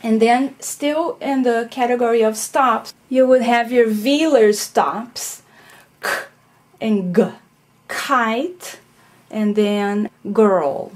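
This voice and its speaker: Slow, deliberate woman explaining sounds. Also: on the high side, darkish tone. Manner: explanatory, checks in with "okay?" and "right?", some fillers. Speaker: teacher. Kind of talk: recorded phonetics lecture.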